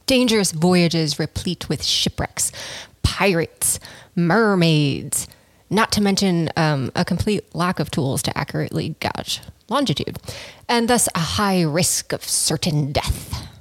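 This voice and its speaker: A woman's voice: fairly low pitch, lively intonation, measured pace, dry recording. A woman putting on a hammy old sea pirate with a slightly Irish accent, growling pirate slang as she tells a story.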